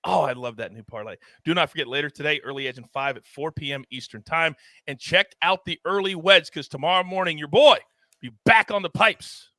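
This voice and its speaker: A man hosting a sports betting show, animated and theatrical, swinging his voice up and down for emphasis. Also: fairly quick, no room sound, studio quality. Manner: animated and theatrical, big swings in pitch and volume. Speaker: host.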